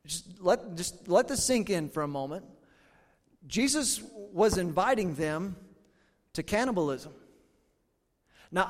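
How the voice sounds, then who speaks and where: Man, pastor, sermon, lively storytelling, high voice, long hall echo. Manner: animated storytelling with acted-out quotes. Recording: hall reverb.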